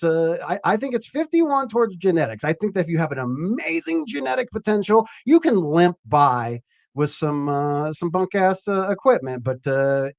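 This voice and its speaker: Animated high-voiced man hosting a stream. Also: dry recording, muffled recording. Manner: animated, rambling, profane. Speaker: podcast host. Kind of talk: casual live-stream chat.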